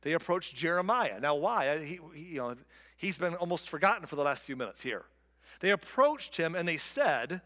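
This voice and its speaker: A man delivers a sermon in a slightly high voice, moving between scripture reading and loose, joking commentary. His voice carries the long reverb of a large hall. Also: sing-song, fairly quick, a bit bright. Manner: conversational, joking asides. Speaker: pastor.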